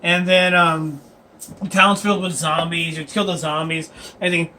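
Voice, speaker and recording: A man's voice: a little high, flat delivery, moderate pace, bright, forceful tone, a little hiss or hum. A man chatting casually as a dungeon master, rambling and laughing with many fillers. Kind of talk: casual chat.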